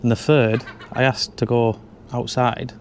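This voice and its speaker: A man's voice: mid-range voice, flat delivery, unhurried, slight background noise. Dry-humoured man vlogging. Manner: dry, joking pub reviews. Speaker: travel vlogger. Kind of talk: casual vlog chat. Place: pubs and streets, in and out of doors.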